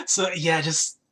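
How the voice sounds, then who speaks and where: A man's voice: high voice, pushed and bright, husky. Casual, hesitant man running a tabletop game. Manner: casual, hesitant, lots of "kinda". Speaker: game master.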